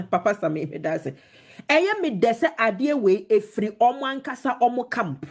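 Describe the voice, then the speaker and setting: A woman's voice: fairly high pitch, lively intonation, moderate pace. A woman with a Ghanaian accent giving opinionated TV commentary, switching between English and Twi with emphatic, mocking remarks.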